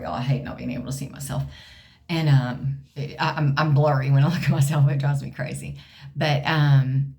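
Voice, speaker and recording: A woman's voice: extremely low pitch, a little mellow. A middle-aged woman, chatting casually to camera, rambling and calling her viewers y'all. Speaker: vlogger sharing a health update.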